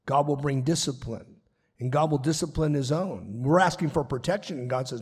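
A man's voice: mid-range voice, normal speed, a little mellow, slightly rough. A man pastor preaching a sermon, earnest and emphatic, repeating his points. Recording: long reverb of a large hall.

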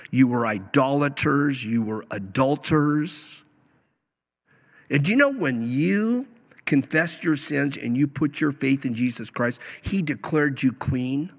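A man's voice: medium pitch, a bit bright. A man preaching a sermon, emphatic, acting out the quoted lines as he goes. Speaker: pastor. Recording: long reverb of a hall.

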